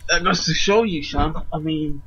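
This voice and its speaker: A man's voice: fairly high pitch, moderate pace, bright, forceful tone, slightly rough, highs cut off. A man co-hosting a wrestling podcast in a laid-back way, often calling his friend "son". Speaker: podcast co-host. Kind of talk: casual wrestling podcast chat.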